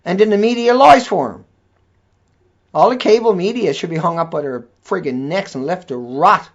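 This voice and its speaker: Male vlogger, high voice, furious profane tirade, dull lo-fi sound. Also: moderate pace. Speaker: video blogger. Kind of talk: angry ranting monologue. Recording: dull lo-fi recording.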